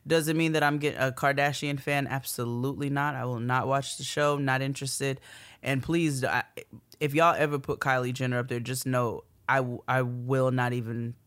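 A woman's voice: rumbling low, steady tone, normal speed, a bit bright. A woman in her thirties co-hosting a podcast, chatting casually, laughing often and dropping to a whisper for asides. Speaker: podcast co-host. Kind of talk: casual chat.

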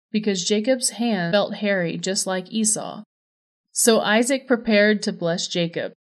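Lady reading scripture, calm and steady, middle-pitched voice. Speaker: scripture reader.

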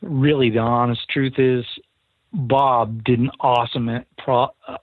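A man's voice: medium pitch, steady tone, unhurried, no room sound. A man, a recording engineer, telling a studio anecdote in an interview and acting out the quoted dialogue. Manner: earnest storyteller who acts out quoted dialogue. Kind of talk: storytelling in an interview. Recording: tinny phone line, dry.

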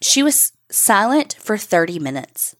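A woman's voice: mid-range voice, very animated, a little slow, fairly bright tone. A woman co-hosting a podcast, bluntly recounting a true crime case and swearing. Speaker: podcast co-host.

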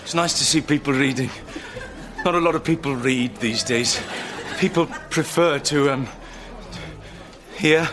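A man's voice: on the high side, unhurried, close to an everyday voice. A man putting on a flustered, hesitant young man who stammers and fumbles his words. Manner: hesitant, stammering, self-conscious.

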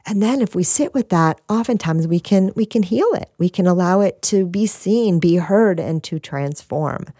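A woman giving a gentle spiritual talk, repeating phrases and asking "right?", with a soft laugh now and then. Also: fairly low pitch, lively intonation, moderate pace, dry recording, studio quality.

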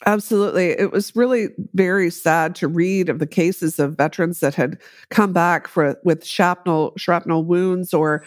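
A middle-aged woman, an epidemiologist, telling her story in a podcast interview with animated delivery and acted-out quotes. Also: on the low side, moderate pace, hardly any pauses, no room sound, studio quality. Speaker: guest, infectious disease epidemiologist.

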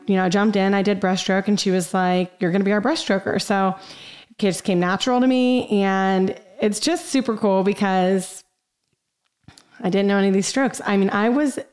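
A woman's voice: medium pitch, darkish tone. A young woman hosting a podcast, telling a personal story in an upbeat, chatty way with many fillers. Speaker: podcast host.

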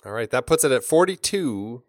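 A man's voice: medium pitch, expressive, fairly quick, no echo, clean studio sound. A man hosting a casual film podcast, running the rankings as an upbeat, joking moderator.

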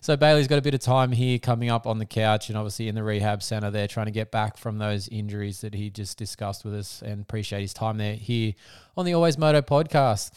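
A man's voice: lowish voice, steady tone, fairly quick, darkish tone, smooth, no echo, clean studio sound. An Australian man hosting a motorsport podcast, blunt and casual, laughing often and swearing freely. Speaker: podcast host.

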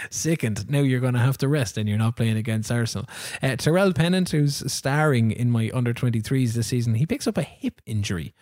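A man's voice: mid-range voice, a little mellow, dry recording. Rambling man on a dry mic. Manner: rambling storyteller, laughs often, acts out dialogue. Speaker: podcast co-host. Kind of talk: casual chat about a football video game.

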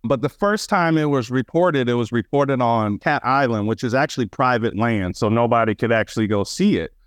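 A man telling stories as a birding guest on a radio chat show, animated and excitable, with lots of fillers. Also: medium pitch, moderate pace, clear, resonant tone, dry recording, clean studio sound. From Wisconsin, USA.

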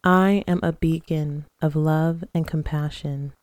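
A woman hosting a podcast who leads slow, calm breathing exercises and guided affirmations in a soothing manner. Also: low voice, dry recording. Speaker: podcast host.

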